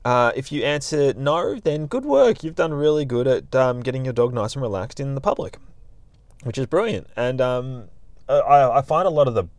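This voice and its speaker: Man, low-pitched, chatty podcast host, dry sound. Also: darkish tone, no echo. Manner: chatty, laid-back, with fillers and laughs. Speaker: podcast host, dog trainer. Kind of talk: casual storytelling monologue.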